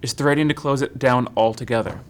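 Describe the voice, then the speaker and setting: A man narrating as an interviewer in a measured, documentary-like tone. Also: mid-range voice, lightly acted. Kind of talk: audio drama narration.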